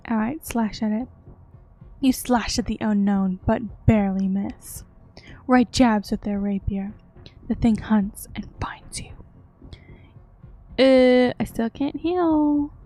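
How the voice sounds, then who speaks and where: A woman's voice: a little high, mellow, faint music behind. A young woman playing a horror game, reading its text aloud and reacting with yelps and laughter. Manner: reads game text slowly, then yelps and giggles in reaction. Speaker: let's-play streamer.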